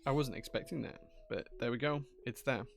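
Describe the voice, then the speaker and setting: A man's voice: mid-range voice, fairly quick, gravelly, faint music behind. A man streaming live, chatting casually while he builds a keyboard, thinking aloud and answering chat.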